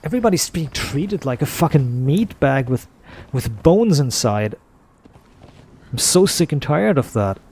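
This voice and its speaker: A man's voice: a little high, sing-song, a little slow, darkish tone, slightly rough. A man making a gaming video who goes on a frustrated, profane rant, repeating himself as he talks. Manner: frustrated, profane, repetitive ranting. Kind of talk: off-topic rant over gameplay.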